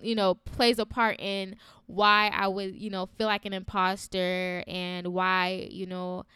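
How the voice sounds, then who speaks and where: A woman's voice: medium pitch, level tone, unhurried, pushed and bright, clean tone, dry recording. A young adult woman hosts a faith-based podcast, talking candidly in a chatty way with many fillers and frequent laughs. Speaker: podcast host.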